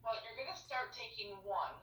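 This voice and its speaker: A woman's voice: fairly high pitch, normal speed, fairly bright tone, roomy sound, recorded from a distance, poor audio. A woman working as a fertility nurse, patiently explaining a medication calendar step by step over a video call and checking understanding with "okay?".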